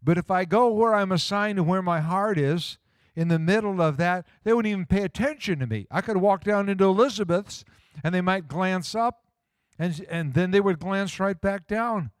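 A man's voice: high voice, moderate pace, clear, resonant tone, dry recording, studio quality. A man preaching a sermon in a folksy, conversational way, full of rhetorical questions. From small-town Midwest US.

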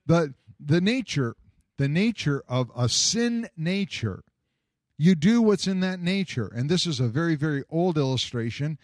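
A man's voice: on the high side, animated, unhurried, no echo, clean studio sound. A man preaching a sermon, telling stories and acting out the voices in them with a chuckle. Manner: storytelling, acts out quoted voices, chuckles at own jokes.

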